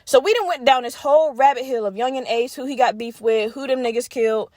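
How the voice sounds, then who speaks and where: A young woman tells a story on her podcast, her voice sitting a little high. She talks casually and with heavy profanity, jumping into other people's voices as she retells conversations. The sound is dry and close to the mic. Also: quick pace, no room sound. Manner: animated, profane, acts out both sides of conversations. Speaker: podcast host.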